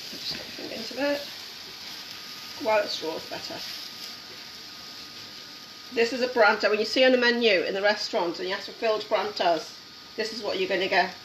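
A woman hosting a casual cooking demonstration in a home kitchen, chatting and encouraging while she works. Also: medium pitch. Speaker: cooking show host. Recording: echoey kitchen, mic at a distance, background noise.

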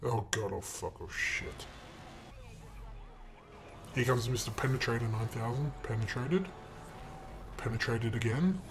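A man's voice: medium pitch, measured pace, long pauses, background noise. A young man giving crude, sarcastic commentary while playing a game at home into a desk mic. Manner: crude, sarcastic trash talk at other drivers; sudden loud outbursts and shouting. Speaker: gaming channel host. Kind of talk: profane gameplay commentary. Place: room at home.

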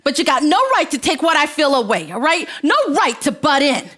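A woman's voice: high-pitched, animated, brisk, fairly bright tone. A woman acting a tough, scornful working-class prostitute on a theater stage. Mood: bitter. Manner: blunt, scornful street talk. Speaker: stage actor. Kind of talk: live stage play acting.

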